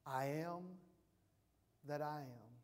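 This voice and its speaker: Male pastor, sermon, emphatic, unhurried delivery, long hall reverb. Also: a little high. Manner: emphatic preaching, swinging from hushed to loud.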